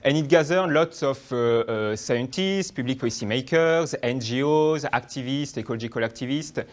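A young Frenchman with a French accent gives a hesitant academic talk as a guest lecturer, full of fillers and restarts. His voice is mid-range and his pace moderate.

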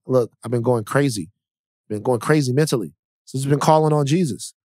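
A man's voice: mid-range voice, a little fast, a little mellow, dry recording. Male podcast co-host, emphatic and rhythmic, dry close mic. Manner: emphatic, preacher-like building cadence. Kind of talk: casual podcast chat.

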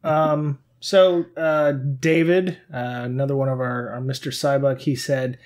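A man's voice: medium pitch, steady tone, measured pace, a little mellow. A man hosting a podcast, asking long, rambling questions with fillers. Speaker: podcast host. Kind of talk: conversational interview.

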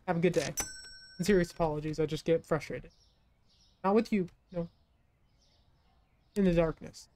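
A woman's voice: on the low side, slow pace, long pauses, mellow. Joking woman streamer chatting over gameplay. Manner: joking, chatty asides to game customers. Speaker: gaming streamer. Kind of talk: casual let's-play commentary.

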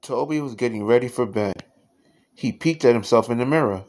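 A man's voice: lowish voice, moderate pace. A man reading a children's picture book aloud as a bedtime story.

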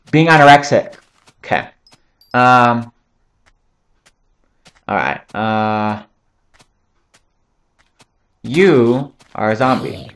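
A young man giving casual, joking commentary over his own gameplay, rambling between topics and swearing often. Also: mid-range voice. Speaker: gaming channel host.

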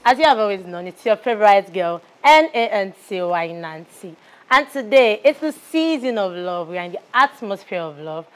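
A woman acting as a bubbly young talk show host in a Nigerian film drama, mid-pitched and chatty. She strings together upbeat presenter lines, repeating her catchphrases with gushing warmth toward her guest. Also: lively intonation, normal speed, lightly acted. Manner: chatty, repetitive presenter patter.

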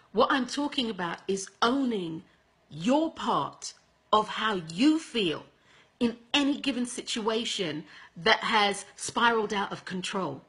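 A woman's voice: fairly high pitch, bright, forceful tone, breathy edge. A woman hosting a motivational advice talk, emphatic and repetitive, calling her viewers guys. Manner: emphatic, repeats points, addresses viewers as guys. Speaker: host.

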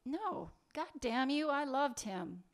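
A woman reading the lines of a sharp-tongued woman in a secret affair, cutting, sarcastic and impatient, in a live fiction reading. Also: a little high, moderate pace, close to an everyday voice. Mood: defiant. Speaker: reader of a story's dialogue.

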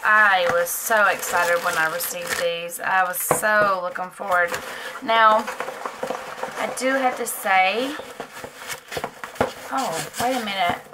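A woman's voice: mid-range voice, slow pace, pauses often, background noise. A woman vlogger chatting casually as she unboxes nail supplies, gushing and rambling with lots of fillers. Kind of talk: casual product unboxing chat.

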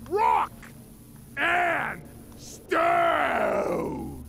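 Gravelly dwarf miner barking orders. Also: male voice, very high-pitched, sing-song, extremely slow, bright, forceful tone, shouting, slight background noise, full character voice. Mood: battle shouts. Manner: barked battle cries. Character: gruff male dwarf miner, rowdy and brash. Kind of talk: video game character voice. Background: game music.

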